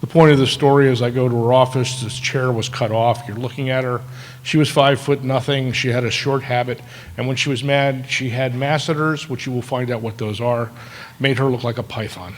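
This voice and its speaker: A man's voice: medium pitch, fairly even intonation, brisk. Man in his sixties telling stories in an echoey hall. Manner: dry, self-deprecating humor. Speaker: keynote speaker. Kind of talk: storytelling ceremony speech. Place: large auditorium. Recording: echoey hall with long reverb.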